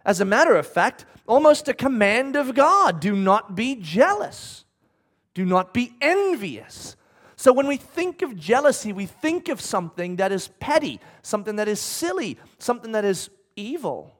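A man preaching a sermon, animated, acting out quotes with the odd laugh. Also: high voice, normal speed. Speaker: pastor.

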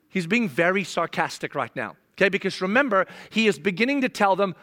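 A middle-aged man preaching a sermon, animated, slipping into sarcastic mock voices as he reads. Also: high voice, brisk. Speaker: pastor.

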